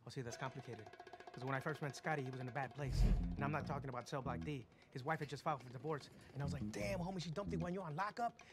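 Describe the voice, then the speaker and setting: An actor playing a chatty, excitable man who rambles through a long story in a film comedy. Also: medium pitch, rapid-fire, natural voice. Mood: rambling. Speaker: rambling storyteller under interrogation. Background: film score music.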